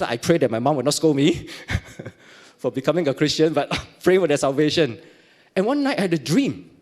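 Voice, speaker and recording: A middle-aged man from Singapore with a Singaporean accent, giving a personal testimony at church and acting out the dialogue as he tells it. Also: medium pitch. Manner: animated storytelling, acting out dialogue, frequent laughs.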